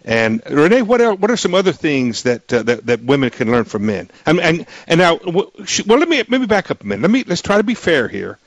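A man's voice: on the high side, very animated, fairly quick, few pauses, no room sound. A male radio talk show host interviewing a guest in an emphatic, joking way, with frequent restarts. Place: radio studio.

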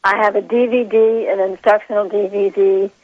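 A female voice coach, a guest calling in to a radio show by phone, speaking in a measured, precise way. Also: medium pitch, fairly even intonation, no echo, phone-quality sound. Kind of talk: phone-in interview. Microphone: telephone.

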